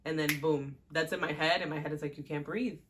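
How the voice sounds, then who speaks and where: Here a young female podcast host shares personal stories in a relaxed, chatty manner, with plenty of fillers and small laughs. Her voice sits low and steady, her pace is brisk, and there's noise in the background.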